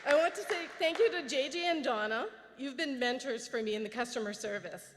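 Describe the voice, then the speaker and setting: A middle-aged woman with a high voice gives a nervous, heartfelt thank-you at a podium. Her words ring out with a long reverb in the large hall. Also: fairly quick, crowd noise, noisy background. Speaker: award recipient. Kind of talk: acceptance speech.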